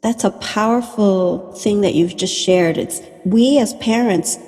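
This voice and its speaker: A woman hosts a podcast and affirms her guest, reflecting on and summarizing what was said. Her tone is mellow and dark, with a long reverb on the recording. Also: mid-range voice, unhurried. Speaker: podcast host. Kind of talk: conversational podcast interview.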